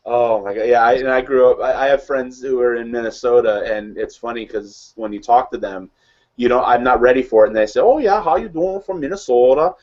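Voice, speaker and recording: A man's voice: medium pitch, little pitch movement, fairly quick, a little mellow, lo-fi sound. A man with a Midwestern accent, co-hosting a casual chat in a rambling, easygoing way. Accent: American Midwest. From American Midwest. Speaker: co-host.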